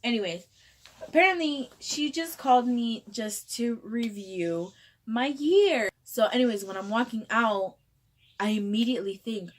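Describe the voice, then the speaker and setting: A young woman vlogger casually retelling a story in a chatty, animated way, acting out the dialogue. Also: on the high side, unhurried.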